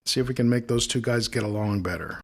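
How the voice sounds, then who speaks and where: Relaxed man explaining software steps. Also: medium pitch, fast talker. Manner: relaxed, explanatory, thinking aloud while demonstrating. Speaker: audio editing instructor. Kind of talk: screen-recorded software tutorial.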